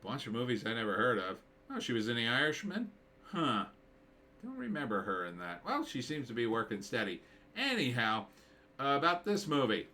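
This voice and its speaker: A man's voice: medium pitch, big pitch swings, moderate pace, sharp tone. A man talking through a movie trailer in casual commentary, thinking aloud and rambling with many fillers. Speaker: screenwriter reviewing a movie trailer.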